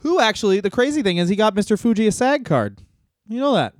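Higher-voiced guy riffing on a podcast, rambly and jokey, bone dry sound. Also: sing-song, no room sound. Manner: rambling, jokey, drops into quick impressions. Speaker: podcast co-host. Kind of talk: casual comedic chat.

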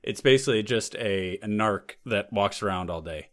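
A man's voice: lowish voice, normal speed. A man co-hosting a podcast in casual comedic chat, riffing on ideas and laughing often. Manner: playful, laughs often, riffs on bits. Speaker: podcast co-host.

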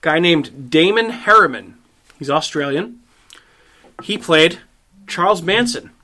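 A man's voice: on the high side, slow. A man co-hosting a casual movie review chat, emphatic and swearing freely as he tells it. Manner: profane, emphatic, animated storytelling. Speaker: podcast co-host.

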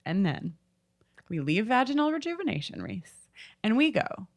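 A woman's voice: a little high, normal speed. A woman co-hosting a podcast, recapping a TV episode in a joking, casual chat. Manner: animated, joking. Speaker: podcast co-host.

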